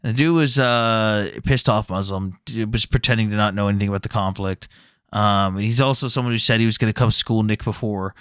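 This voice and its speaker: Bright animated man telling stories. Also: on the low side, a little fast, smooth, no room sound, studio quality. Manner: animated storyteller, mimics others' voices. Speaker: livestream debate host. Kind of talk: casual livestream chat.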